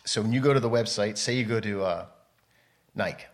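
A man with a low, deep voice talks loosely through a podcast interview. He rambles, cuts himself off and restarts mid-thought, like a guest telling stories from his working life. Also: a little fast. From United States. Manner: rambling, self-interrupting storyteller. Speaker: podcast guest, model and photographer. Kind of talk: casual interview chat.

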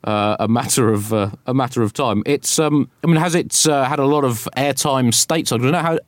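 A man's voice: mid-range voice, brisk, no room sound. A man co-hosting a satirical comedy show, mock-serious and sardonic, often laughing at his own jokes. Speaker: co-host.

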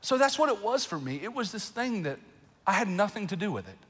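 A man preaching a sermon as pastor, emotional and animated, with bursts of laughter and raised emphasis. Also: high-pitched, a little fast, slightly rough. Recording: long reverb in a large hall.

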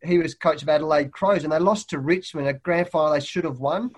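A middle-aged Australian man, a head coach and guest, telling lively stories and acting out what people said. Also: on the high side, a little fast. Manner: lively anecdotes, acting out quotes loudly. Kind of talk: animated storytelling in a podcast interview. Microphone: remote call.

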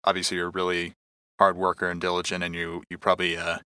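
A man hosting a podcast who asks his guest questions in a measured way with some fillers. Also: low-pitched, completely flat delivery, sharp tone, clear, resonant tone, dry recording. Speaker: podcast host. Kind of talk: interview questions.

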